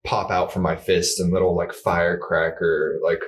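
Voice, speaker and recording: A man playing a tabletop game, describing his character's actions in a relaxed way. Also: sits low, normal speed. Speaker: player. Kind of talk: casual tabletop play.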